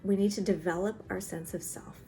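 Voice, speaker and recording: A woman therapist calmly explaining emotional boundaries, acting out small everyday conversations as she teaches. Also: mid-range voice, fairly quick, gravelly, soft background music. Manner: gentle and explanatory, acts out little dialogues. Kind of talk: teaching talk to camera. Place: in South Carolina.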